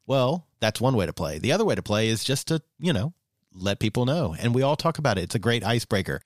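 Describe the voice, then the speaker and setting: A man's voice: medium pitch, big pitch swings, fast talker, no room sound, studio quality. A man from Australia co-hosting a podcast, chatting in a playful, teasing way. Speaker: podcast co-host. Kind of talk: casual chat with read ads.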